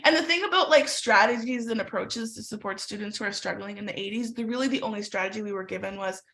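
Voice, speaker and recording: A middle-aged woman from Canada telling a lively personal story in a webinar. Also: mid-range voice, fast talker. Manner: animated storyteller who acts out voices. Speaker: webinar presenter.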